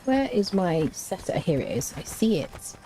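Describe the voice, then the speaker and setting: A woman's voice: fairly low pitch, big pitch swings, normal speed, mellow, slight background noise. A young woman, chatting playfully and laughing often as she live-streams a game. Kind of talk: casual live-stream chat while gaming.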